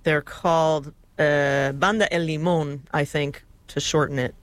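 A woman's voice: low voice, steady tone, measured pace, no room sound. Woman co-host, casual radio chat, dry close-miked sound, easy and talkative. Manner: chatty, laughing, with many fillers.

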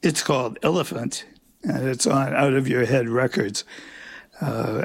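An older man hosting a jazz radio show, calmly announcing tracks and players with chatty, dry humorous asides. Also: medium pitch, vocal fry. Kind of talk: relaxed on-air back-announcing.

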